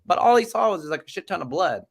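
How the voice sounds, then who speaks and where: Young man, podcast co-host, lively pitch, slangy, jokey, swears. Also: quick pace, creaky, breathy edge. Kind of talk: casual movie podcast chat.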